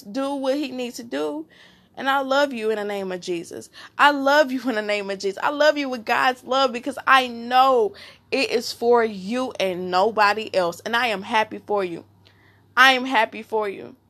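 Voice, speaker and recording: A woman's voice: fairly high pitch, a bit bright. A woman giving an impassioned spiritual pep talk straight to the listener, repeating herself and calling them "baby.". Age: adult, mother of a son. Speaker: faith speaker giving encouragement. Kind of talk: spiritual encouragement monologue.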